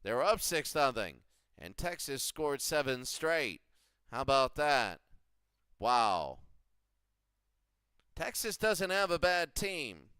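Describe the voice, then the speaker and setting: Man, unhurried baseball sim commentator, smooth clear voice, dry close sound, meandering delivery. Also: fairly high pitch, very animated, sharp tone, no echo. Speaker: video game commentator. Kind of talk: play-by-play recap of a simulated baseball game.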